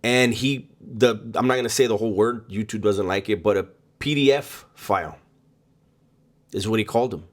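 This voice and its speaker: A man casually recounting a personal story, halting often with ums and repeated words in an unhurried, conversational delivery. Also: on the low side. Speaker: storyteller recounting prison experiences.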